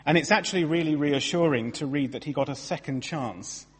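A man giving a sermon in a church, lively, conversational and self-deprecating as he tells stories. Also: fairly high pitch, a little fast, breathy edge. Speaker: preacher. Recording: long reverb of a large hall.

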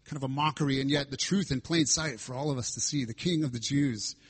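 Husky guy preaching a sermon, reads the verses and leans hard on the big lines. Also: mid-range voice, quick pace. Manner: preaches through scripture with dramatic emphasis. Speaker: pastor.

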